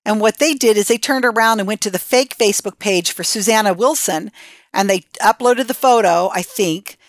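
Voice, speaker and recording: A woman's voice: medium pitch, normal speed, no room sound. Woman telling a story, dry close sound. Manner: animated retelling with acted quotes. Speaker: interviewee. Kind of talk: casual storytelling interview.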